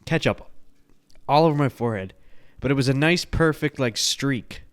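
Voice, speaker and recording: A man from the Bronx spins a childhood story on his podcast with loose, profane energy, breaking into laughter. His voice is smooth and resonant at a middling pitch. The sound is close and dry, with no room around it. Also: normal speed, dry recording. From the Bronx, New York. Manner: animated, profane, laughing at his own stories. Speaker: podcast host. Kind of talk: casual storytelling.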